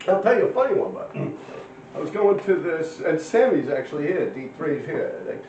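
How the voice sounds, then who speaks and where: A man's voice: a little high, very animated, moderate pace, darkish tone, slight background noise. A man in his fifties, a guest telling stories in a casual, profane, rambling street manner. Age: 50s. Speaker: interview guest. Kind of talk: casual storytelling. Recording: roomy, distant, dull lo-fi.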